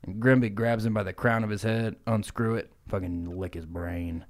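A man's voice: fairly low pitch, fairly even intonation, normal speed. A man co-hosting a podcast, telling an improvised comic story in a loose, profane, laughing way. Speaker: podcast co-host.

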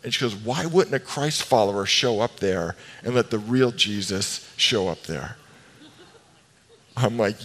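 A male pastor giving an animated, emphatic sermon with playful asides. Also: fairly low pitch, measured pace, a little hiss or hum. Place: church sanctuary. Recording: long reverb of a large hall.

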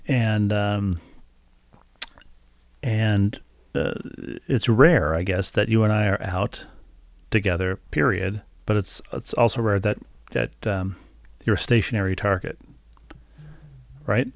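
A man's voice: on the low side, takes it slowly, vocal fry, pauses often, dry recording. A middle-aged man co-hosting a podcast, telling a story in casual chat with dry, wry humor. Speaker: podcast co-host.

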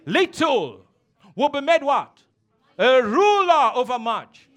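A man's voice: very high voice, very animated, slow, fairly bright tone. A man preaching a sermon as a pastor, emphatic and teasing, calling on the congregation to respond.

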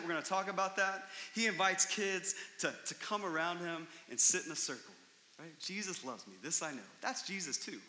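Pastor, male, high and very bright voice, animated preaching, echoey hall with long reverb. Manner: animated storytelling, rising to excited emphasis. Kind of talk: sermon.

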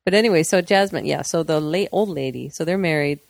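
A woman's voice: deep voice, a little fast, gravelly, dry recording, clean studio sound. A woman co-hosting a podcast, casually telling a neighbor story, laughing often and acting out the voices of people she quotes. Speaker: podcast co-host.

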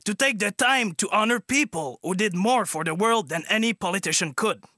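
A formal, flattering older statesman with a thick Quebec French accent, as a man puts him on for a prank call. The voice sits high and bright, and he speaks in a halting, mock-formal way with plenty of filler pauses. The sound is close and dry. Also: dry recording. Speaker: prank caller. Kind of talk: prank phone call impression.

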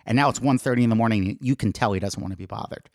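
A man's voice: lowish voice, racing, a little mellow, no echo, studio quality. A man telling a comic story on a podcast in casual chat, acting out the quotes and laughing as he goes.

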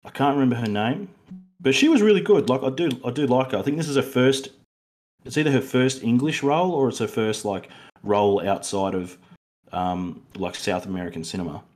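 A man's voice: mid-range voice, fairly quick, a little mellow. A young Australian man co-hosting a casual film review podcast, rambling with many fillers and restarts. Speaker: podcast co-host.

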